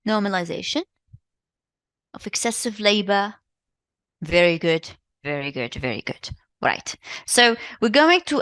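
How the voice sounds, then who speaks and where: A woman with a Tunisian accent leads a live revision lesson, walking her students through exercises in English. Her voice sits in a mid range and comes across dry and close, with no room sound. She keeps repeating the answers and heaping on quick praise. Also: medium pitch, a bit bright, no echo. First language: Tunisian Arabic. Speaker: English teacher.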